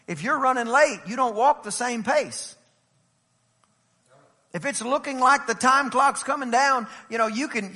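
A middle-aged man preaching a sermon as pastor, emphatic and swinging from loud declarations to low, intimate asides. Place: church sanctuary. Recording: long hall reverb in a church.

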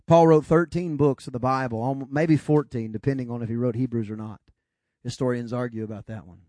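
A man's voice: mid-range voice, steady tone, fairly quick, warm tone, no echo. A man preaching a sermon as pastor, emphatic and building to dramatic retellings of scripture.

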